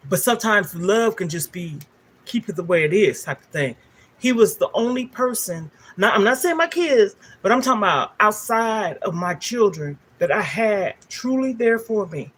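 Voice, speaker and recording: A woman's voice: mid-range voice, lively intonation, moderate pace, a bit bright, husky. An older woman, a livestream host telling a candid, emotional personal story straight to her viewers.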